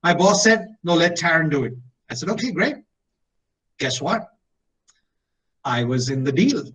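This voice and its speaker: A middle-aged man with an Indian English accent, giving a motivational talk as an animated storyteller who acts out the dialogue. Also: on the high side, unhurried, far from the mic, low-quality recording. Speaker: motivational speaker.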